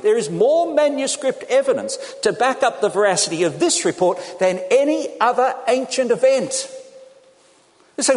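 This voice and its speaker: High, animated male preacher in a hall. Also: moderate pace. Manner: animated, acts out quotes in changing voices. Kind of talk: sermon. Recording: long hall reverb.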